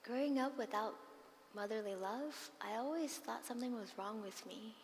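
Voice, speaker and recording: A woman's voice: a little high, normal speed, slight background noise. Woman nun giving a dharma talk, echoing hall. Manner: expressive storyteller, soft breathy asides. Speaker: Buddhist nun and dharma teacher. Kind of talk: dharma talk with personal storytelling. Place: monastery meditation hall. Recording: long hall reverb with faint ambience.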